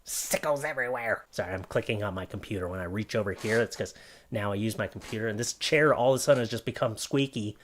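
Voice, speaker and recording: A man's voice: on the low side, fast, a little hiss or hum. A young man hosting a comedy commentary, reading odd online listings aloud from his computer desk and joking about them in a sarcastic, rambling way. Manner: sarcastic, puts on silly mock voices. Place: home setup at a computer desk.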